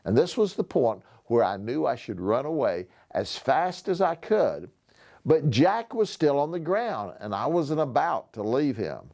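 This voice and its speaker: A slow, expressive male storyteller. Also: medium pitch, vocal fry. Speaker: sheriff. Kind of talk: reading a novel aloud to schoolchildren.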